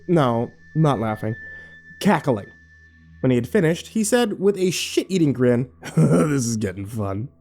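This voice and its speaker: Wry male horror narrator, animated delivery, lively pitch. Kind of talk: first-person horror story narration.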